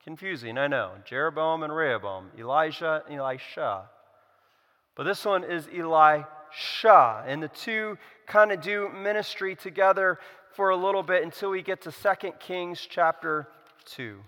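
A man's voice: a little high, normal speed, pushed and bright. A man preaching a sermon, retelling a scripture story with sarcastic asides. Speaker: pastor. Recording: long hall reverb.

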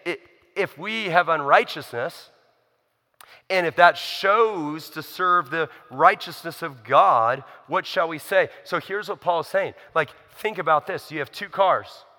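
Bright-voiced man preaching in a hall. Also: fairly high pitch. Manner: conversational, emphatic, uses rhetorical questions. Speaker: pastor. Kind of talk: sermon.

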